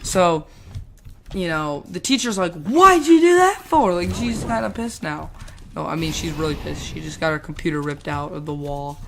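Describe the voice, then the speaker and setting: A woman with a somewhat low voice tells a rambling story while she plays a game, swearing and laughing along the way. She jumps into the voices of the people she describes. A faint hiss and the click of a mouse sit behind her. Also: steady tone, normal speed, vocal fry. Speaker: gamer telling a school story.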